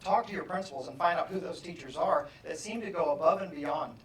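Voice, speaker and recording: A man giving a motivational keynote, telling a story with animated, self-mocking humor. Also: a little high, fairly quick, slight background noise. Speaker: motivational speaker. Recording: echoey hall from far off.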